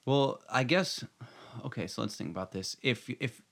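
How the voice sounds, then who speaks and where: A man's voice: mid-range voice, lively intonation, moderate pace, gravelly, a bit bright. A man co-hosting a casual chat about a TV episode, joking and laughing as he retells scenes. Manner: joking, laughs often, jumps into quoted voices. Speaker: podcast co-host.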